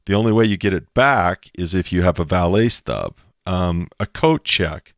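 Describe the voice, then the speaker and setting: A man with a very low, deep voice talks emphatically on a podcast. He acts out quoted back-and-forth exchanges as he explains. The sound is dry and close, with no room echo. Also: expressive, normal speed. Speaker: co-host explaining investing. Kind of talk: animated podcast talk.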